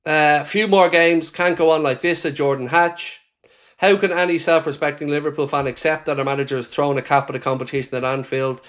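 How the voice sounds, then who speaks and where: Irish guy on a live fan stream, fired up and swearing, voice sits a bit high. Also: fairly even intonation, brisk, a bit bright. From Ireland. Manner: angry, ranting, swearing; reads viewer chat comments aloud. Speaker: fan channel host. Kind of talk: live match reaction stream.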